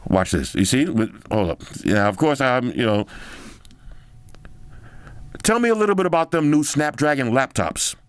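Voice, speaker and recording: A man's voice: mid-range voice, sing-song, normal speed, pauses often, smooth, dry recording. Slangy, chatty man in a dry room. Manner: slangy and chatty, drops in "yo" and "bro"; loose, thinking aloud with restarts. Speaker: tech video host. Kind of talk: casual commentary while scrolling a phone.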